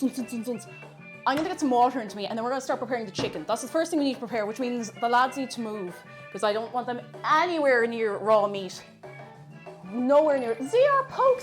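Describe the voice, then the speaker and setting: Young Irish woman, a bright-pitched and chatty live-stream host, with faint music behind her. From Ireland. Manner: chatty, reads out chat messages. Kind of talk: casual live-stream chat while cooking.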